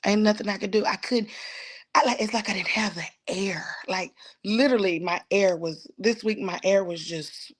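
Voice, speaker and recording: A woman's voice: medium pitch, moderate pace. A woman telling a heartfelt personal story as a guest, at times dropping to a whisper and at times pleading, with speech. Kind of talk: emotional personal testimony.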